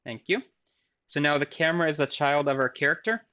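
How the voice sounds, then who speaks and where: A man lecturing while he demonstrates software on screen, his voice bright and clear. He talks in a loose, casual way, full of fillers, and makes fun of himself now and then. Keyboard and mouse clicks can be heard behind him. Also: a little high, steady tone, fast talker. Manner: casual, self-deprecating, filler-heavy. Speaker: university lecturer. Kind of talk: recorded lecture with live software demo.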